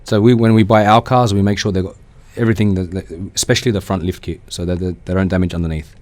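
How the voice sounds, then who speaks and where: Fast-talking Australian man, low voice. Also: steady tone, a little mellow, dry recording. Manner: fast, rambling storyteller who acts out quoted people. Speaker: guest, car rental business owner. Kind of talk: casual radio interview chat. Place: radio studio.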